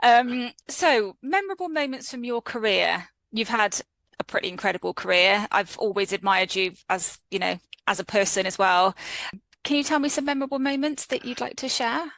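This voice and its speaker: A woman hosting a podcast interview, agreeing warmly and asking her guest questions. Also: on the high side, normal speed, no room sound, poor audio. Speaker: podcast host.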